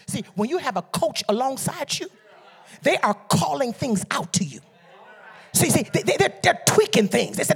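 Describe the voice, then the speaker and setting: A woman from Detroit preaching a sermon with call-and-response, swinging from soft teaching to shouted exhortation. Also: sits high, sing-song, normal speed, creaky. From Detroit, USA. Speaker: preacher and beauty coach. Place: church service.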